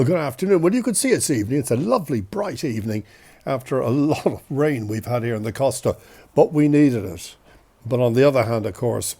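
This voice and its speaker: A man's voice: mid-range voice, dark tone. A man with a cold, hosting a podcast and telling a personal story in a chatty, self-deprecating way. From Ireland. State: has a cold. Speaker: podcast host. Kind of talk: casual storytelling.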